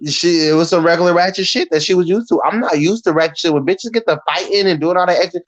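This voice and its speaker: A man telling a story to the camera in a casual, animated and profane way, full of slang. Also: high-pitched, fast, no echo, dull audio. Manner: animated, profane, slangy and talking straight to the viewer. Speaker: storyteller vlogger.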